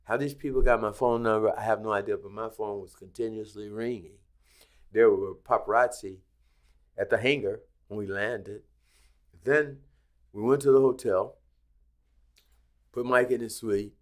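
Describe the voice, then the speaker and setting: A man's voice: fairly low pitch, normal speed, long pauses. A man telling a story as a guest in a podcast interview, acting out the lines of the people in it. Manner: animated storyteller acting out quoted dialogue. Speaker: guest, casino executive. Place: Las Vegas.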